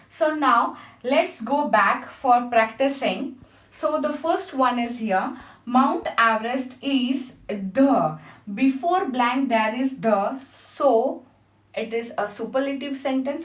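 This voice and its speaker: A woman teaching a grammar lesson, patiently spelling out letters and checking with her class. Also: fairly high pitch. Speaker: English teacher. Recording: echoey room, mic at a distance.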